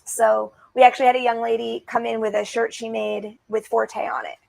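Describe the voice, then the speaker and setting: A woman in her thirties talks with gushing, heartfelt enthusiasm, often restarting her sentences. Her voice sits a little high with a gravelly fry, and the recording is close and dry. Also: little pitch movement, normal speed, darkish tone, no room sound, rough recording. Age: 30s. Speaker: racing program guest. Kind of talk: enthusiastic interview talk. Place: racetrack broadcast set.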